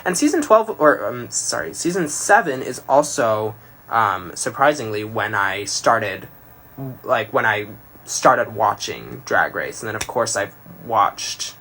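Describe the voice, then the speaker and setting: A man's voice: medium pitch, pushed and bright, slight background noise. A man doing a casual makeup tutorial on a phone livestream, chatty and playful, rambling and joking about himself as he works.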